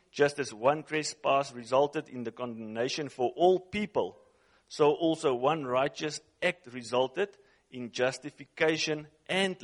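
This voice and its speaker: A man preaching a sermon who reads scripture aloud and speaks English as a second language, emphatic, repeating phrases and putting questions to his listeners. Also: on the high side. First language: not English.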